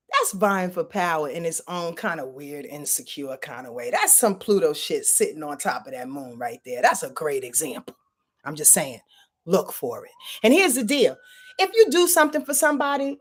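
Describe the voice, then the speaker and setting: Lively chatty woman astrologer. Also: low-pitched, moderate pace. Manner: chatty, profane, laughs at herself. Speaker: astrology channel host. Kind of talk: casual spoken astrology forecast.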